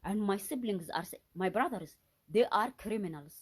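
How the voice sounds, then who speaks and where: A woman talking alone to camera in a husky, slightly breathy voice. She sounds agitated and accusatory, breaking off mid-phrase and repeating words with rising emphasis. Her pitch sits in the middle range for a woman. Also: lively intonation, moderate pace. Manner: agitated and accusatory, with frequent restarts and repetitions. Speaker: vlogger. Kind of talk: unscripted solo monologue.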